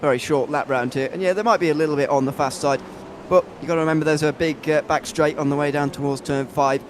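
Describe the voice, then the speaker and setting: Hoarse monotone co-commentator dude, lots of uhs, noisy background. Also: male voice, a little high, quick pace. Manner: hesitant, many fillers, monotone. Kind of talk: sim racing commentary.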